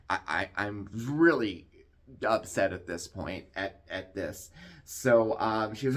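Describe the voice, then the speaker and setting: A man co-hosting a vlog, telling a story in an indignant, animated rant and acting out other people's lines. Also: lowish voice, takes it slowly. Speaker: vlog co-host.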